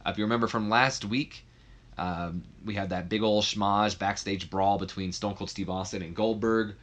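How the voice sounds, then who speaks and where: A man's voice: fairly low pitch, fairly even intonation, moderate pace, fairly bright tone. A man giving loose, rambling commentary on a wrestling management game and acting out characters' lines. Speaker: video creator.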